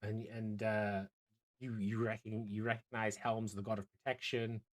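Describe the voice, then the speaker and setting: A man's voice: fairly low pitch, little pitch movement, moderate pace. Man rambling as a first-time game master. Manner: rambling, with many fillers and restarts. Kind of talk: narrating a tabletop game over voice chat.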